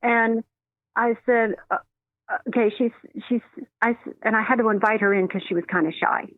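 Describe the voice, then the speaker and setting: A woman who works as a medium, telling stories in an animated way and acting out the voices in them. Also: a little high, normal speed, no room sound. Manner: animated, acts out quoted voices, laughs often. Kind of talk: storytelling in a phone interview. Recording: dry tinny phone line.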